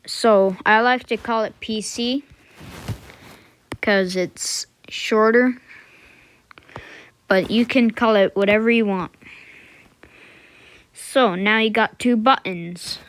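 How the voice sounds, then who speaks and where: Slow-talking casual woman tutorial maker. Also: fairly high pitch. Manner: unhurried, thinking aloud with fillers and self-corrections; mutters quiet asides to herself. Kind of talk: casual screen-recorded coding tutorial.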